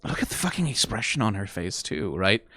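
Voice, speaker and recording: A man streaming a casual reaction, analyzing scenes closely, swearing freely and getting emotional and excitable. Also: fairly low pitch, fairly quick, dry recording. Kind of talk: casual video commentary.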